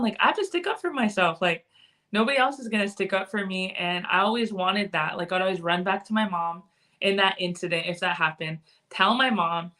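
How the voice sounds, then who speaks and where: As a guest on a podcast, this woman chats loosely and casually, speaking candidly and frankly with the occasional cuss word. Her voice is medium in pitch and fairly bright.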